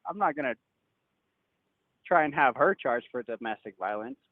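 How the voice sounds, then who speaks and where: A man's voice: mid-range voice, animated, normal speed, no echo. A man calling in to a podcast on the phone, rambling defensively and trailing off. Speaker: caller. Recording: tinny phone line.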